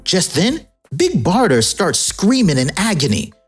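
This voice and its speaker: A woman's voice: on the low side, huge pitch swings, a little slow, slightly rough. A woman narrating a comic storyline in a playful, jokey, casual storytelling way.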